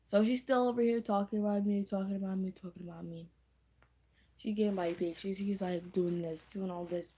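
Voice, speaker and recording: A woman's voice: medium pitch, fairly quick, warm tone, slightly rough. A teenage girl telling a storytime to camera in a chatty, slangy way, repeating her phrases. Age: teens. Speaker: storytime vlogger. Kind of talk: casual storytime vlog.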